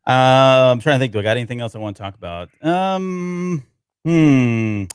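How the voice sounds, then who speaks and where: A man's voice: medium pitch, normal speed, smooth, dry recording. A man co-hosting a casual podcast chat, speaking hesitantly with many ums and restarts. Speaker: podcast co-host.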